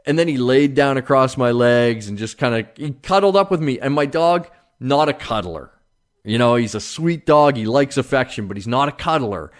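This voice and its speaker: A man's voice: medium pitch, expressive, moderate pace. A man hosting his own podcast, talking casually on his own in a rambling, jokey way with lots of fillers and restarts. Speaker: podcast host. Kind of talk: casual solo monologue.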